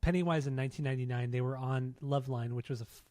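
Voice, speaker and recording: A man's voice: mid-range voice, fairly even intonation, racing, a little mellow, no room sound, studio quality. A man co-hosting a podcast, telling stories in loose, profane casual chat and laughing often. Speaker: podcast co-host.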